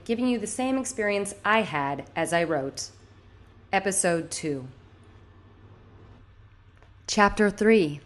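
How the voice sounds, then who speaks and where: A woman author narrating her own audiobook in first person, tense and intimate, with anxious bursts. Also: mid-range voice. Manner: tense, intimate storytelling with sudden anxious outbursts.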